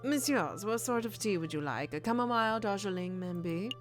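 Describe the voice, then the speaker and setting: A courtly, theatrical male fox gentleman with a touch of French polish, as a woman puts him on. The voice sits low and glides widely in pitch, smooth and unhurried in a game voice-over. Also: big pitch swings, faint music behind.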